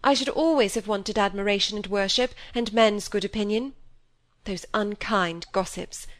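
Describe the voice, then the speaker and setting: A woman's voice: mid-range voice, moderate pace, lightly acted. A woman reading an audiobook, voicing a wilful, proud young woman who talks with bitter passion. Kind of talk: audiobook character voice.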